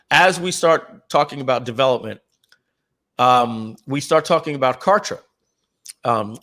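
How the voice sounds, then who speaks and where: A man in the middle of his usual pitch tells a business story in loose, casual talk. He clears his throat again and again and trips over repeated words. He also slips into other people's voices to act out what they said. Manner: animated, acts out the dialogue of others. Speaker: company co-founder on a live Q&A stream.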